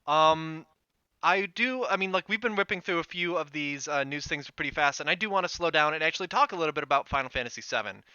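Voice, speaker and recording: Bright-voiced chatty male podcaster. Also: a little high, clean tone, no room sound. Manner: chatty, lively, quick bursts. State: head cold. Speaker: podcast co-host. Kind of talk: casual chat. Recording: dry, slightly dull remote stream.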